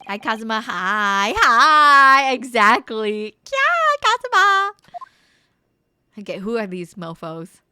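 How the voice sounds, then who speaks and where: Bright, excitable young woman streamer. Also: on the high side, slow pace, soft background music. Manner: excitable, giggly. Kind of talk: casual game stream chat.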